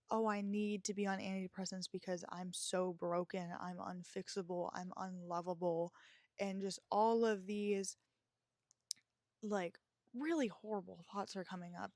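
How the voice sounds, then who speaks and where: In a dry recording with clean studio sound, a woman with a mid-range voice hosts a podcast. She tells her personal story reflectively and confessionally, using plenty of fillers.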